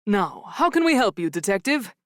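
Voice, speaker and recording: A woman voicing an excitable middle-aged male hotel manager with a gentle, soft voice and a giggly, eager way of talking. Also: high-pitched, normal speed, no room sound, clean studio sound. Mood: excited.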